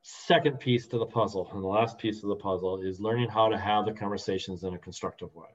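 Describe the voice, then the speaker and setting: A middle-aged man talks through teamwork ideas in an earnest, conversational way, his voice sitting low. He pushes up into emphatic peaks now and then and restarts words as he thinks. The recording sounds somewhat dull and lo-fi. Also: fast. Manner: earnest, animated with emphatic rises, repeats words when restarting. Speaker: team coach.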